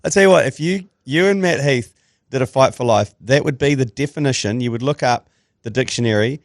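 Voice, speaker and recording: A man hosting a podcast, asking quick teasing questions. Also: medium pitch, no echo, studio quality. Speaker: podcast host. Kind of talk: casual podcast banter.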